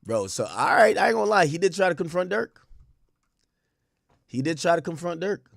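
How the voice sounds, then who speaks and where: A man with a high-pitched voice talks through court testimony in loose, slang-heavy commentary. He is animated and hammers each point by saying it twice. The sound is dry and close. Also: moderate pace, gravelly, no echo.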